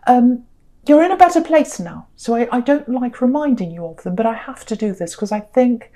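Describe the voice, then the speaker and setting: A woman giving a tarot reading to camera, talking straight to the viewer in an animated, heated way. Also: mid-range voice. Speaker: tarot reader.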